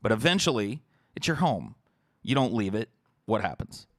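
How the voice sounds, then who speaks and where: A man's voice: fairly low pitch, sing-song, moderate pace, a bit bright, dry recording, studio quality. A podcast host, a man, giving a heated, profane livestream rant while answering chat messages.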